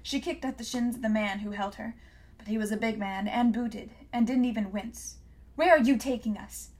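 A woman narrating an audiobook in a measured, hushed reading voice. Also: on the high side, steady tone. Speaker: audiobook reader. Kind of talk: scripted narration.

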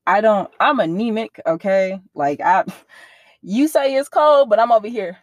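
A young woman speaking candidly in an interview, in casual slang-heavy talk that turns animated when she quotes others. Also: mid-range voice, measured pace, no room sound, dull audio.

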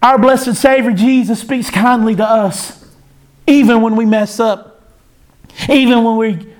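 A man preaching a sermon, in an impassioned cadence that rises and falls. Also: extremely high pitch.

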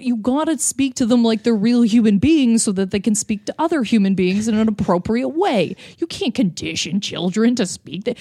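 A woman's voice: fairly high pitch, expressive, normal speed, dark tone, no echo, clean studio sound. A woman co-hosting a casual movie review podcast, talking emphatically and laughing often. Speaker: podcast co-host.

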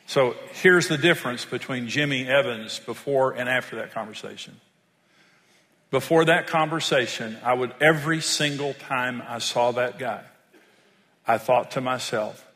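A man's voice: medium pitch, a bit bright, big-room sound. An older man, preaching a sermon and telling stories in an earnest manner. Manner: storytelling, earnest, rises when stressing points. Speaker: pastor.

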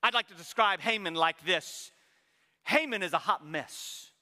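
Male pastor, high and bright, animated and joking, long hall reverb. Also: measured pace. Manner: animated, joking, with frequent restarts. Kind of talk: sermon.

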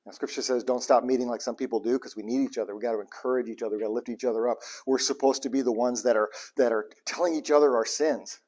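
A male pastor delivering a casual, irreverent sermon with plenty of humor. His voice sits in an ordinary middle range. He swings from loud, emphatic bursts to quiet, low, serious moments. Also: fairly even intonation, fast talker, few pauses. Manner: casual, joking, irreverent preaching.

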